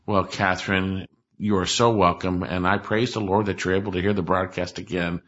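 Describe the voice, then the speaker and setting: A man's voice: low-pitched, steady tone, moderate pace, a bit bright. A male pastor talking in a radio studio, answering listener mail earnestly, on a dull lo-fi recording. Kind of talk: radio program chat.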